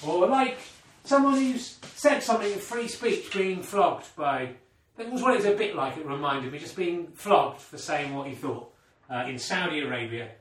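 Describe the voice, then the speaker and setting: A man's voice: fairly high pitch, animated, normal speed, a bit bright. A man commentating on a snooker game he plays against himself, in a mock sports commentary style with dry, self-mocking asides. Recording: roomy sound from a distant omni mic.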